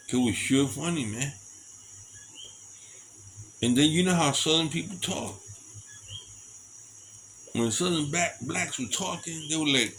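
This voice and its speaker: A middle-aged man telling stories in a casual monologue, animated and chuckling often between them. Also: a little high, normal speed, pauses often, slight background noise, poor audio. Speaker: storyteller.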